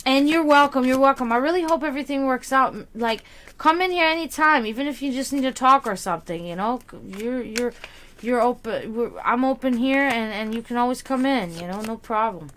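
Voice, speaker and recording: A woman's voice: fairly high pitch, fairly bright tone, slight background noise. A young woman chatting casually with her stream viewers as a psychic reader, laughing often and restarting her sentences.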